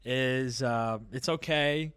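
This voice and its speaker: A man's voice: mid-range voice, slow, a bit bright, clear, resonant tone, no room sound. A man in his thirties co-hosting a casual podcast, goofy and joking, poking fun at himself. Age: 30s. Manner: goofy and joking, self-mocking. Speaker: podcast co-host.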